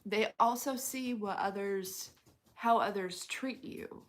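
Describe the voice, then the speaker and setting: A young woman talks her way slowly through an intuitive reading. She rambles, circling back with lots of "you know" and "like" as she goes. Her voice sits at a middling pitch and moves at an unhurried pace. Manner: slow, rambling, full of fillers. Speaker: intuitive reader. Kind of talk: casual spoken tarot-style reading.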